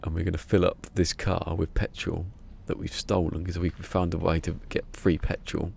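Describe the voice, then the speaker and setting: A scheming man rambles on in a wobbly, half-convincing Australian accent, as a man puts it on. His voice sits deep and gravelly. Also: level tone, moderate pace, a little mellow, a little hiss or hum.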